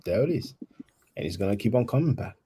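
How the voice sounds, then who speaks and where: A man's voice: lowish voice, animated, fast talker, noisy background. A man hosting a live stream, talking bluntly and mockingly, confronting callers. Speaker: livestream host. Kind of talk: live stream talk with guests.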